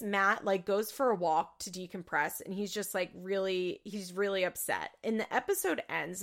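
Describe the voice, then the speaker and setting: A woman's voice: mid-range voice, vocal fry, fairly bright tone. A woman recapping a reality show in casual, chatty talk, laughing often and swearing freely.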